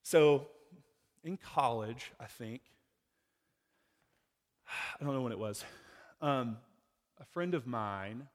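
A man's voice: medium pitch, lively intonation, takes it slowly, pauses often, in a large hall. A man preaching a sermon in a conversational way, asking the congregation rhetorical questions and acting out the people in the story. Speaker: pastor.

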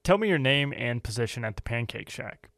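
A man playing an investigator questioning diner staff with brisk, commanding questions. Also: medium pitch, animated, fairly bright tone, no echo, studio quality. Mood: brusque.

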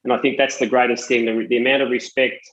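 A man's voice: mid-range voice, little pitch movement, fast talker, fairly bright tone, muffled recording. An Australian man who runs a fitness business, speaking as a podcast guest in an earnest, heartfelt way. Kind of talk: casual podcast chat.

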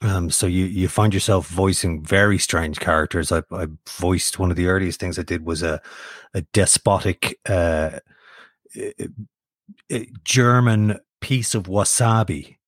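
A man's voice: deep voice, unhurried, no echo, studio quality. An Irish man, a voice actor and narrator, chatting in an interview and telling self-deprecating anecdotes. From Ireland. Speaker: voice actor and audiobook narrator guest. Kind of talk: casual interview chat.

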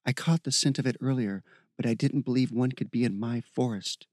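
A man voicing a calm, formal swordswoman of the forest in an audiobook, in a measured, plain delivery. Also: medium pitch, no room sound, studio quality, lightly acted. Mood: grave.

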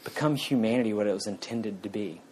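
A male pastor preaching a sermon in an earnest voice, slowing and softening for emphasis. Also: on the low side, slight background noise, rough recording.

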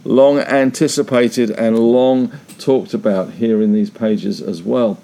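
Breezy Australian man with a mellow voice. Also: medium pitch, steady tone, gravelly. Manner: brisk, breezy, folksy asides. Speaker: market reporter. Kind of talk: daily stock market wrap-up.

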